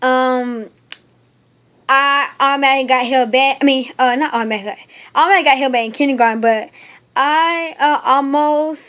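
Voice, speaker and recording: A young woman from North Carolina, speaking in a halting, heartfelt personal video diary full of fillers. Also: sits high, a bit bright. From North Carolina, United States. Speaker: video diarist.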